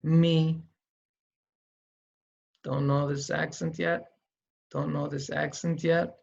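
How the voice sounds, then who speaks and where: A man teaching Quran reading in a slow, step-by-step tutorial, patiently thinking aloud as he writes. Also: on the high side, level tone, gravelly, dull audio.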